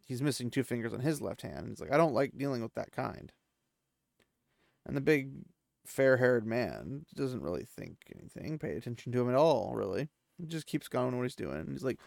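A man's voice: mid-range voice, lively intonation, moderate pace, creaky, dry recording, studio quality. A man hosting a podcast, recapping a novel chapter in loose, casual paraphrase with offhand asides.

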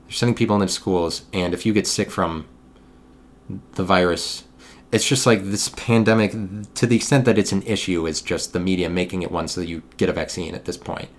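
A young man hosting a solo podcast, talking in a meandering monologue with frequent restarts, sometimes getting loud when riled. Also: low-pitched, fairly quick. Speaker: podcast host.

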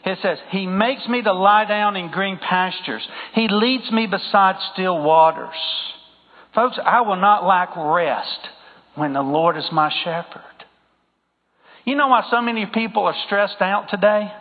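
A man's voice: high voice, normal speed. A man preaching a sermon in an emphatic style, repeating phrases and putting questions to the congregation. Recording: phone-like sound with long hall reverb.

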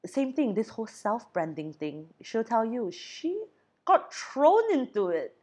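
A young woman from Brunei in casual chat, telling a story with lively acted-out quotes. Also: on the high side, unhurried, breathy edge. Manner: animated storyteller who acts out quotes.

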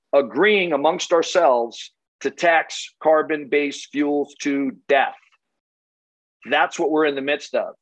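Guy with a higher voice giving a blunt profane sales pep talk, dry dull audio. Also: no room sound. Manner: blunt, punchy, profane, rhetorical questions. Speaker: solar sales trainer.

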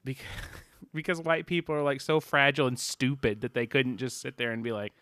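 A man co-hosting a casual podcast, his voice smooth and resonant. He rambles, trails off, swears offhandedly and laughs in the middle of his sentences. The sound is dry and close to the mic. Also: mid-range voice, a little fast, fairly bright tone, no echo. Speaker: podcast co-host. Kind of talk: casual chat.

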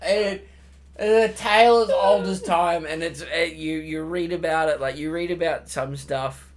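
A man's voice: on the high side, a little slow. A man co-hosting a casual podcast chat, laughing along and teasing the storyteller. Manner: laughs and teases, reacts to the stories. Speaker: podcast co-host, the son.

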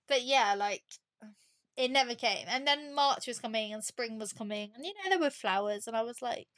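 A woman's voice: a little high, lively intonation, normal speed, fairly bright tone. A woman chatting as a podcast guest, telling rambling stories and laughing often. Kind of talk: casual chat.

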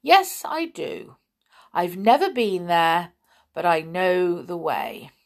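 A woman voicing a simple-minded male creature chief who grumbles and sounds slow and puzzled. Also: on the low side, very animated, exaggerated voice.

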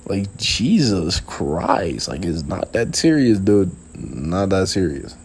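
A man's voice: low voice, big pitch swings, takes it slowly, a little mellow, slight background noise. A young man hosting a casual late-night talk, rambling in slang with lots of fillers and laughs, sitting outdoors. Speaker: podcast host.

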